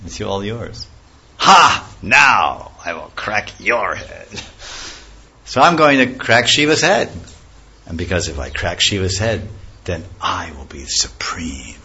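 A man voicing a boastful male demon bent on power, gloating and loud in a storytelling lecture. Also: low-pitched, big pitch swings, takes it slowly, breathy edge, heavily acted. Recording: dull lo-fi recording with faint ambience.

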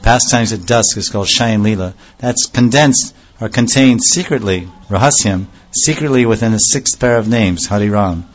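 A man giving a devotional lecture as a spiritual teacher, explaining slowly and repeating phrases and scripture terms as he goes. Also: on the low side, highs cut off.

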